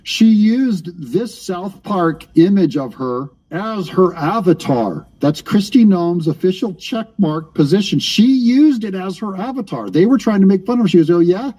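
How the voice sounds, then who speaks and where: A man's voice: high voice, lively intonation, measured pace, hardly any pauses, mellow, husky. A man hosting a live-stream of political commentary, ranting sarcastically and calling on his chat directly.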